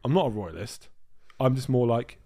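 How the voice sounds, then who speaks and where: A young English man, a podcast co-host, telling stories in casual chat, animated and full of swearing. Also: mid-range voice, normal speed. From England.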